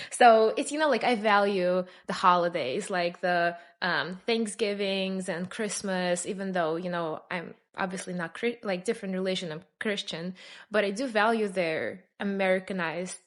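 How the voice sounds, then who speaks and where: A woman's voice: mid-range voice, moderate pace. A young woman from Russia, a native Russian speaker, answering interview questions in a casual, chatty way with plenty of fillers. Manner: chatty, many fillers, laughs between answers. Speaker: podcast guest.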